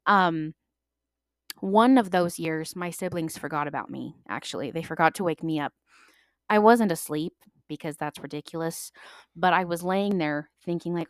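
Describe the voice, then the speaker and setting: A young adult woman hosting a podcast, telling stories in a chatty, animated way and acting out the voices of people she quotes. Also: on the low side, normal speed, clear, resonant tone, dry recording, studio quality. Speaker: podcast host. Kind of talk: casual storytelling monologue.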